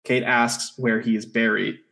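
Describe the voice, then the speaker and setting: A man's voice: mid-range voice, flat delivery, vocal fry, pushed and bright. Man recapping with wry asides. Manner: brisk plot summaries with wry asides. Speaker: podcast co-host recapping episodes. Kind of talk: casual chat.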